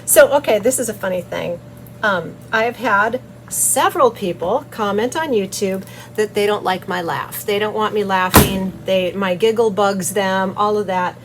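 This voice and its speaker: A woman's voice: mid-range voice, normal speed, background noise. A cheerful, giggly woman chatting casually as she makes soap in her studio and hosts her channel. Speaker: soap maker and channel host. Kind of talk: casual chat while making soap.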